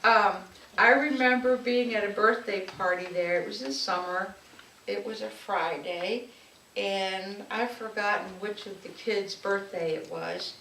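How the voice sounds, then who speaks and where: A woman speaking at a community event, telling fond personal stories in the manner of a public speech. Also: medium pitch. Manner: fond, storytelling, warm recollection. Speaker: local speaker at an anniversary event. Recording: echoey room, distant mic, faint noise.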